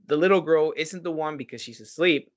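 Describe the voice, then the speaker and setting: A man's voice: a little high, a little fast. A man casually retelling a horror movie plot on a podcast, swearing often and telling it with energy. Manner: swears a lot, animated storytelling. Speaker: podcast host. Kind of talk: casual chat. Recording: dull lo-fi podcast audio.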